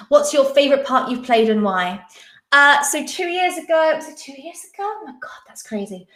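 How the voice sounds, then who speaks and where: Young woman, quiz host on a live stream, bubbly casual chat, slightly high voice, roomy echo. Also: a bit bright. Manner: chatty, giggly, reads comments aloud.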